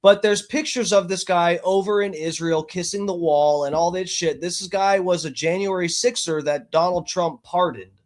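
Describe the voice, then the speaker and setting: A man's voice: high voice, moderate pace, hardly any pauses. A man hosting a live stream, giving profane, mocking, agitated commentary. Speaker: streamer host.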